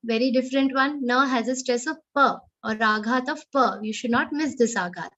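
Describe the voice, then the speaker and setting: A woman teaching Sanskrit verse recitation in an online class, chanting each line slowly and carefully before explaining the sounds. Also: fairly high pitch, bright, forceful tone, dull audio. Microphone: online call microphone.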